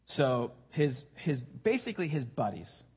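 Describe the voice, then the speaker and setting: A man's voice: mid-range voice, sing-song, unhurried, a little mellow, husky. A male pastor preaching a sermon in a conversational way, often repeating words for emphasis.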